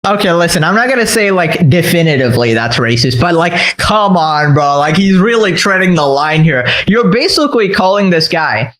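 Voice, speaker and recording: Exasperated man with a high, roomy voice. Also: very animated, normal speed, hardly any pauses, fairly bright tone. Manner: exasperated, blunt, swears often. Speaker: commentary host. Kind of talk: casual commentary on streamer clips.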